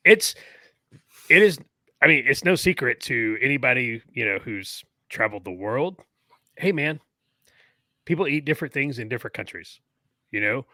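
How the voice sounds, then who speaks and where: A man's voice: medium pitch, lively intonation, moderate pace, pauses often, bright, forceful tone, no room sound. A man co-hosting a podcast in casual chat, talking loosely with lots of fillers and tangents. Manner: chatty, goes off on tangents with many fillers. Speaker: podcast co-host.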